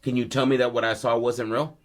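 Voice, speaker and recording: A man's voice: medium pitch, flat delivery, fairly quick, natural voice. A man voicing a hurt, furious teenage son on the run, bitter and accusing.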